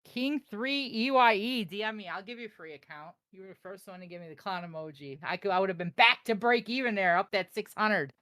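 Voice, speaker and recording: A woman's voice: mid-range voice, brisk, hardly any pauses. A young woman from the Chicago area with a Chicago accent, chatting casually and brashly with her live-stream audience while she trades. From Chicago area, USA. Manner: animated, brash and joking with chat.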